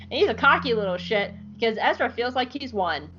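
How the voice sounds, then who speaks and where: A woman host recapping a show with lively, swooping pitch and plenty of swearing and jokes. The audio is a bit dull and lo-fi, with faint music underneath. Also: brisk. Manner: animated, profane, joking. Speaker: podcast co-host. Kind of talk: episode recap podcast.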